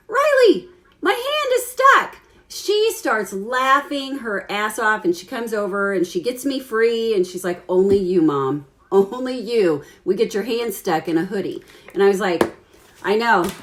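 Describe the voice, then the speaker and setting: A woman in her forties telling a funny story to her followers on a live stream, laughing often, swearing, and acting out quotes in a loud, high voice.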